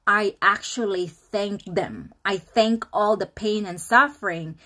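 A woman's voice: mid-range voice, takes it slowly, pushed and bright. A woman with a Filipino first language, speaking in English as a vlogger. She tells her life story in an earnest, repetitive way and acts out past conversations in quoted dialogue. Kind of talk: personal monologue to camera.

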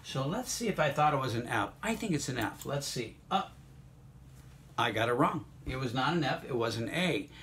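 An encouraging man teaches a music class online and talks his students through each exercise step by step. His voice sits at a middle pitch for a man. A faint hiss of noise runs under the recording. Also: sing-song, normal speed, fairly bright tone.

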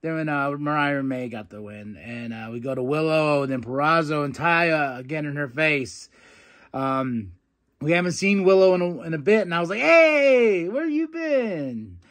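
A young man with a slightly high voice runs through a wrestling show in a loose, chatty recap. He jumps into excited voices to mimic the wrestlers and laughs easily. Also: normal speed. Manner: animated, quotes wrestlers in excited put-on voices, laughs often. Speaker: podcast host.

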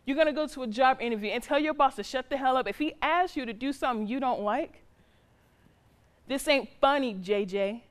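A firm, loving mother lays down the law to her teenage son, played by a woman. Her voice sits a bit high and her speech is plain and colloquial. She moves between scolding and pleading in a dramatic scene. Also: a little fast, clean tone, lightly acted. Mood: stern scolding. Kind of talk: drama acting.

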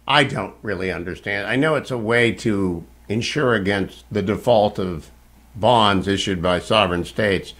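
A man's voice: fairly low pitch, a little slow, fairly bright tone. A man hosting a talk radio show, delivering an emphatic, opinionated monologue with occasional stumbles.

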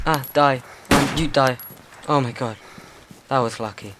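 A man's voice: medium pitch, unhurried, heavy background noise. A young man hosting a gaming channel, giving casual, nervous, rambling commentary and talking to the zombies in his game.

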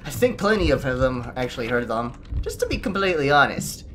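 Animated woman muttering through horror game commentary. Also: a bass voice, fairly quick, a little hiss or hum. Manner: frustrated, swearing, muttering to herself. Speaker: gaming video creator.

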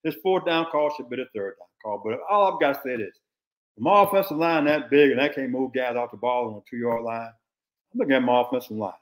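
A man's voice: mid-range voice, fairly quick. An older man from Texas, a former football coach, giving blunt, emphatic football analysis in casual talk and repeating his points.

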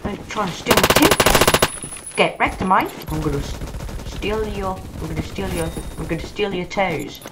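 Swearing woman over loud gunfire. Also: mid-range voice, normal speed, noisy background. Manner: irreverent, swearing, rambling. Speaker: gamer. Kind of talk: gameplay commentary. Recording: loud gunfire game audio behind.

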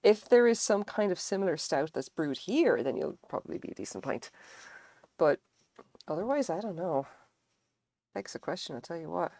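Chatty Irish woman, low and dry. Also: normal speed, pauses often, dry recording. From Ireland. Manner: animated, swears freely, lots of fillers. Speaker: livestream host. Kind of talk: casual chat while crocheting.

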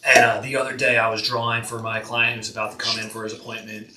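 Tattoo guy with a super bright voice telling a shop story, echoey, mic a ways off. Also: lowish voice, flat delivery, fast. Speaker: tattoo artist guest. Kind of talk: casual podcast chat. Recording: roomy sound, far from mic.

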